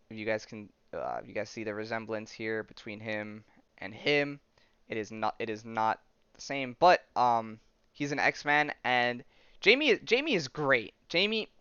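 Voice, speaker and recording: A man's voice: medium pitch, pushed and bright, smooth, no echo, muffled recording. A man hosting a podcast, casually recapping a comic story in a rambling way with lots of fillers. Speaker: podcast host.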